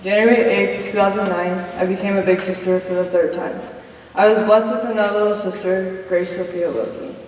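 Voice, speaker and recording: A woman's voice: mid-range voice, fairly even intonation, fairly quick, a little mellow, slight background noise. Earnest young woman in an echoey chapel. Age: 20s. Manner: earnest, reads from notes with slide cues. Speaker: college senior speaker. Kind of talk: personal testimony in chapel. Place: chapel hall. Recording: echoey hall from far off.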